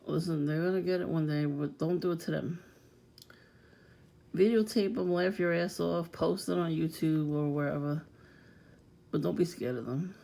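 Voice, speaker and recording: A woman's voice: sits low, moderate pace, vocal fry, long pauses, warm tone. A woman vlogging in a casual, blunt rant, swearing freely and laughing often.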